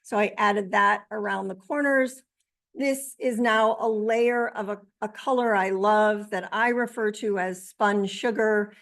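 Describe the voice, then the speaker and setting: Woman author talking real slow, lots of ums and restarts, medium pitch. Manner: slow, halting, with many pauses and fillers. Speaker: author and widow. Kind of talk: talk presenting her book and artwork.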